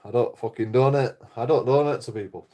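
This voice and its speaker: A man's voice: medium pitch, a little fast, dark tone. A man rambling through a casual livestream chat, swearing a lot, repeating himself and laughing at his own jokes. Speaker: livestreaming vlogger.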